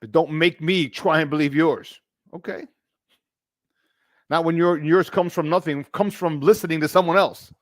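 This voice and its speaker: Fired-up sports talk host, dry sound. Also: male voice, on the high side, moderate pace, no room sound. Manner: animated and emphatic, repeating phrases for effect; greets chat viewers by name.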